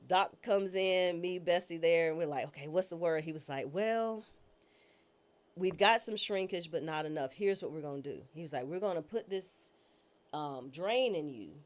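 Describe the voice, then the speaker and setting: The former public defender, now a judge, takes her time in a voice on the low side. As a guest in the interview she spins a personal tale with candid, dramatic, slang-filled self-deprecation.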